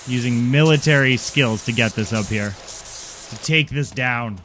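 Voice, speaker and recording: A man's voice: mid-range voice, unhurried, noisy background. A man streaming a game, chatting casually with his viewers in a rambling, self-deprecating way. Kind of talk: casual live-stream chat.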